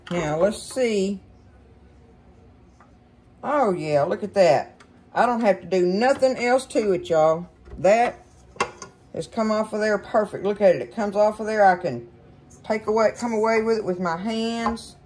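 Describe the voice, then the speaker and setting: A chatty woman walks viewers through a recipe in her home kitchen. Her voice sits at a middle pitch, and her talk is loose and folksy, full of asides to the audience. A faint hiss of background noise runs under the recording. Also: a little slow, a little mellow. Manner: chatty, folksy, keeps addressing viewers as y'all. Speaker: cooking show host. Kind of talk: casual cooking demonstration.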